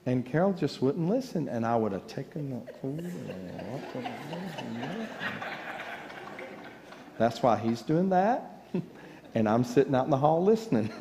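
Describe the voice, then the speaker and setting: A man's voice: medium pitch, very animated, normal speed, gravelly, warm tone, a little hiss or hum. A man preaching a sermon as pastor, telling folksy stories and joking with the congregation. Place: large church sanctuary. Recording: church livestream with long reverb.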